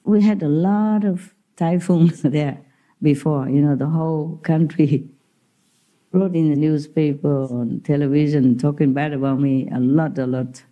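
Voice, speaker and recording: A woman's voice: low-pitched, fairly even intonation, measured pace, lo-fi sound. A woman spiritual teacher giving an informal talk to disciples, telling stories in simple non-native English and laughing often.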